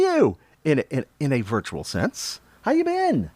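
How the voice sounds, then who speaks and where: A man's voice: fairly high pitch, wildly swooping pitch, moderate pace, a little mellow, no echo. A slightly out-of-breath man hosting a casual livestream, chatting with viewers, greeting them by name and chuckling often. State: a little out of breath. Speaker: livestream autograph-signing host.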